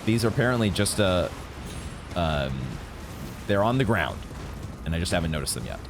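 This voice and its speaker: Excitable swearing man playing a game. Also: low-pitched, moderate pace, noisy background. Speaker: gaming channel host. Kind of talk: live gameplay commentary.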